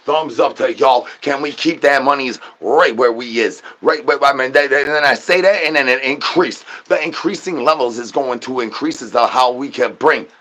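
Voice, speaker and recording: A man's voice: medium pitch, moderate pace, few pauses, fairly bright tone. A man hosting a livestream, rambling to his chat in absurd slangy patter full of repeated catchphrases. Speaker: livestream host.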